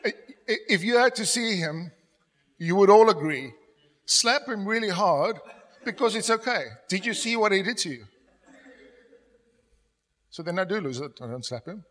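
A middle-aged man preaching a sermon as pastor, telling stories and dropping to a soft, confessional tone when he quotes himself. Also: high voice, lively intonation, normal speed, pauses often. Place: church hall. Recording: long church hall reverb.

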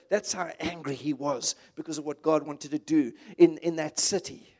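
Male preacher, high voice, impassioned conversational sermon delivery. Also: fairly even intonation, normal speed, few pauses, darkish tone.

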